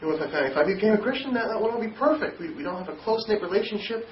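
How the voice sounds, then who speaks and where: Young guy from newfoundland, kinda high voice, keeps stumbling and restarting, far off in an echoey dull recording with faint hiss. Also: expressive. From Newfoundland, Canada. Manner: halting, repeats words and restarts often. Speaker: interviewee telling his conversion story. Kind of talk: personal testimony.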